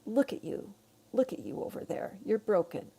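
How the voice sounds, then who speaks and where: A woman's voice: mid-range voice, very animated, moderate pace, gravelly, dark tone, husky, heavily acted. A woman voicing a sneering pink flower. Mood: mocking. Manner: taunting.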